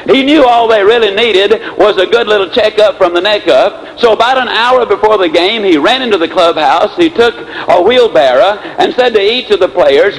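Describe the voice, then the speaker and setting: A man giving a motivational speech, telling stories in an animated way with big swings in pace and pitch. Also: normal speed, few pauses, poor audio. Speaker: motivational speaker.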